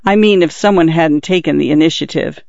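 A man's voice: on the high side, creaky, a little mellow, dry recording. A man reading a flustered young man in love. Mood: earnest. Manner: hurried, embarrassed, earnest. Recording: dull dry recording.

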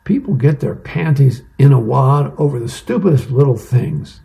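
A man's voice: mid-range voice, lively intonation, moderate pace, gravelly, mellow. A man voicing a grumpy husband who dryly lectures his wife from the porch steps. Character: grumpy middle-aged husband philosophizing on a porch.

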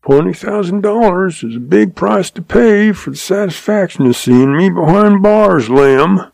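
A man's voice: high-pitched, expressive, vocal fry, darkish tone, dry recording, pitched above the performer's own voice, full character voice. A man doing a sly old drawling cowboy. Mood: patient, sly. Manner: slow folksy drawl, patient. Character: shrewd old cowboy, calm, sly, chuckling.

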